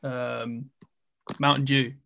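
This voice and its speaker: A man with a mid-pitched voice answers casually and easily. He laughs between phrases and keeps things light. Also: level tone, slow, vocal fry, sharp tone, dry recording. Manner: giggly, easygoing. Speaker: band member. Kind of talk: casual interview chat.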